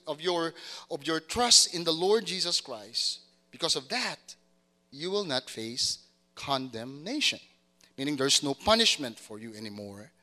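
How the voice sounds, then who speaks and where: A man gives a sermon to his congregation in a bright, ringing, somewhat high voice. He repeats his words, stops and starts again, and keeps asking whether the listeners follow him. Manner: repeats words and restarts, asks congregation to confirm. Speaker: pastor.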